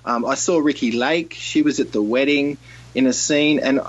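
Aussie guy on a film podcast, husky voice, kinda muffled lo-fi sound, thinks out loud. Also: medium pitch, fairly even intonation, normal speed. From Australia. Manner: reflective, recalling details with fillers. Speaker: podcast co-host. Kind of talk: casual film discussion. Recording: dull lo-fi sound.

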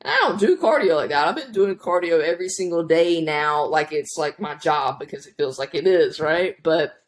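Woman, 30s, podcast guest, casual storytelling, rambling, animated. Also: low-pitched, normal speed. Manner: rambling, animated, many restarts. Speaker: podcast guest, powerlifting coach.

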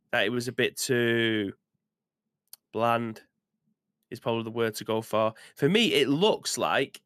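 Young man, podcast co-host, rambling, medium pitch, dry close sound. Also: a bit bright, no echo. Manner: rambling, hesitant with fillers. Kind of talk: casual chat.

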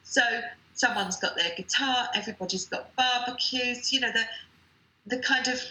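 A woman's voice: a little high, moderate pace, pushed and bright, roomy sound, rough recording. A woman guest in a casual interview, talking eagerly and listing details one after another.

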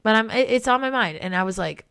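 A young woman hosting a casual solo podcast, chatty and excitable, swearing freely and filling her talk with "like". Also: on the high side, fast, clear, resonant tone. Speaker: podcast host.

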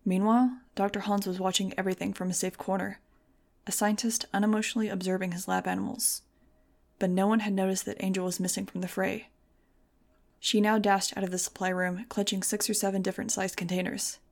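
A woman reading a first-person audiobook in a measured, dramatic way. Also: mid-range voice, level tone, vocal fry. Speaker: audiobook narrator. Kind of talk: scripted first-person narration.

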